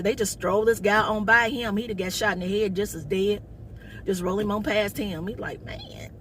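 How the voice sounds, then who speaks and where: A woman comedian telling a story to her viewers in a sassy, loud, casual way. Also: mid-range voice, slight background noise. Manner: sassy, loud, calls viewers baby and honey.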